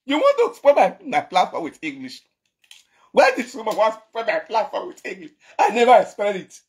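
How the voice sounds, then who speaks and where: A man's voice: sits high, huge pitch swings, a little fast, husky. A man with a Nigerian accent ranting in a vlog, scolding and mocking, repeating his phrases and laughing between lines. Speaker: online commentator.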